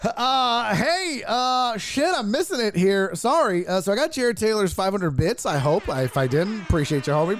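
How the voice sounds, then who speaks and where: An excitable man runs his own sports stream, cursing freely as he thanks viewers one by one. His voice bounces all over the place, with a faint hiss of noise under it. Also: sits high, moderate pace, few pauses. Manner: profane, excitable, thanking donors. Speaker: streamer host. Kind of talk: casual sports stream chat.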